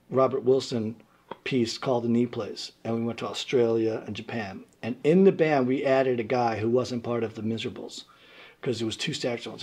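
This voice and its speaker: Husky New man telling stories. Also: medium pitch. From New York. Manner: animated storyteller, loud when acting out quotes. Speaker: guest musician. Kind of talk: casual interview storytelling.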